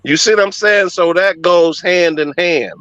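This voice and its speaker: Emphatic, bright-voiced man telling stories. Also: high-pitched, moderate pace, no echo, highs cut off. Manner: emphatic, profane, heartfelt. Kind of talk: personal storytelling.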